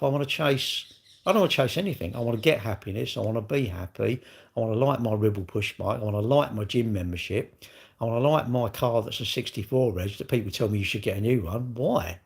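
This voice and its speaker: A man's voice: mid-range voice, gravelly, husky. A middle-aged man with a British accent, chatting casually on a livestream and rambling through viewers' questions. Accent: British English. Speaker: livestream host answering chat. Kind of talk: casual chat.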